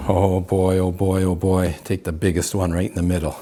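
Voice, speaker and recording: A man's voice: low-pitched, fairly even intonation, normal speed, hardly any pauses. A man hosting a home cooking show, enthusiastic and chatty, calling the viewers folks as he cooks in his kitchen. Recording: clear background frying noise. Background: sizzling pan.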